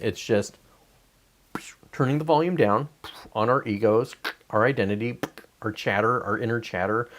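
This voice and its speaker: A man in his forties rambles through a casual livestream, swearing freely and drifting off topic. He slips into high, whiny mock voices to mimic complainers, then drops back to his plain middle-pitched talk. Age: 40s. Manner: profane, digressive, mocks whiners in high whiny voices. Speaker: livestream host.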